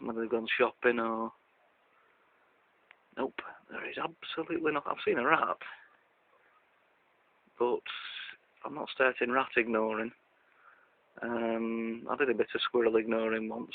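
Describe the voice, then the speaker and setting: A man's voice: mid-range voice, lively intonation, normal speed, creaky, long pauses. A man rambling through an outdoor video diary in a dry, self-mocking way. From Lancashire, England. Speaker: vlogger. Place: outdoors at a country park. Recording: tinny, lo-fi with faint hiss.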